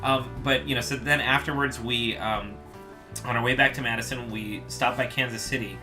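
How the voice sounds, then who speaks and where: A man's voice: normal speed, soft background music. A man co-hosting a band podcast, telling road-trip stories in casual chat and breaking into playful sung impressions. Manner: animated storyteller, mimics singing in falsetto. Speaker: podcast co-host, band member.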